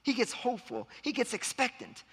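High, lively preacher in a reverberant church. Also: male voice, fairly quick, husky. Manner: dramatic storytelling, acting out shouts and voices. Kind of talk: sermon. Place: church sanctuary. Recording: long hall reverb.

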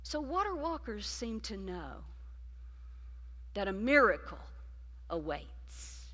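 A woman preacher delivering a sermon, swinging between loud emphasis and hushed, intimate passages. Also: medium pitch, very animated, slow. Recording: long reverb of a large hall.

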